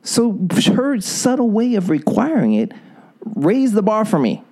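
Man, middle-aged, relationship coach, lively swinging pitch, mellow tone, emphatic. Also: a little slow, low-quality recording. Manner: coaching, emphatic, acts out example lines. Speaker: relationship expert guest. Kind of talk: podcast advice talk.

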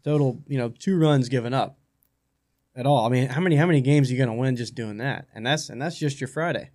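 A man hosts a sports talk show from a radio studio. His voice sits at an ordinary middle pitch. He rambles in a casual, excited way and keeps doubling his words. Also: fast.

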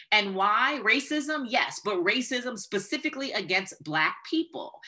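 A woman speaking as a guest expert in an interview, emphatic and building to forceful points. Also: mid-range voice. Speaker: guest expert on corporate diversity. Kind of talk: conversational interview talk.

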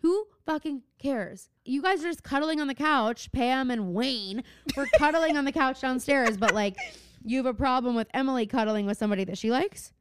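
A woman's voice: high-pitched, normal speed, clean tone. A young woman co-hosting a podcast, recapping a show in casual chat, saying "like" often and getting worked up. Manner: chatty, says "like" a lot, gets worked up and swears. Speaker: podcast co-host.

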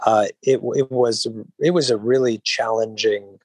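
A man, an actor being interviewed, who talks in an even-keeled, mellow way, rambling with frequent restarts and filler phrases. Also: mid-range voice, measured pace, dry recording, poor audio. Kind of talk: relaxed interview conversation.

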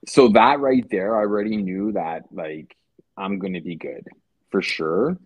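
A man's voice: on the low side, measured pace, breathy edge, no echo. A man from South Africa, a podcast guest, talking casually in loose slang with many restarts and fillers. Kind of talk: casual conversation. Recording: tinny phone-like call audio.

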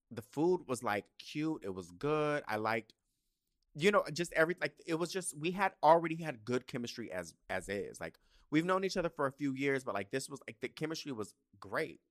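Male podcast host, middle pitch, very expressive, campy and profane storyteller, dry close sound. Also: moderate pace, no echo. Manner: animated, profane, campy, acts out his own reactions. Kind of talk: casual comedic storytelling.

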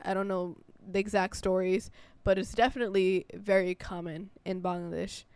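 A young adult woman from the United States with an American accent, co-hosting a casual chat in a quick, chatty way and laughing often. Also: mid-range voice, flat delivery, darkish tone, clean tone, dry recording. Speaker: podcast co-host.

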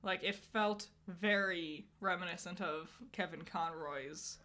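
A woman with a lowish, sharp-toned voice talks slowly. As a podcast co-host in casual chat, she uses many fillers and laughs frequently.

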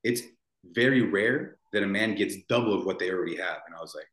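A man in his forties tells his story as a podcast guest, rambling and restarting his sentences as he goes. His voice sits on the low side. The room has a noticeable echo around him. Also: fairly quick, fairly bright tone. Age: 40s. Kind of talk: emotional storytelling. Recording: roomy echo.

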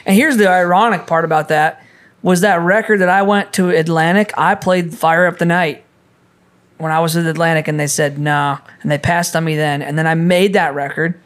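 A man's voice: on the high side, moderate pace, smooth. Chatty man with a raised voice. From Minnesota. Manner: animated storyteller, swears freely. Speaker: podcast guest, musician. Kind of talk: casual chat.

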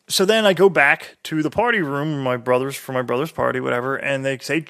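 A man's voice: mid-range voice, brisk, few pauses, a bit bright. A man with a slight lisp, who has been drinking, telling a profane, rambling story in casual chat. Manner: profane, rambling, restarts a lot.

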